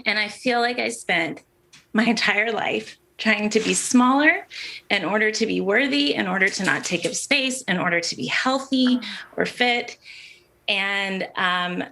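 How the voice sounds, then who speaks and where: A woman's voice: medium pitch, a little slow, vocal fry, sharp tone, a little hiss or hum. A woman in her thirties on a video call, emotional and close to tears as she thanks someone. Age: 30s.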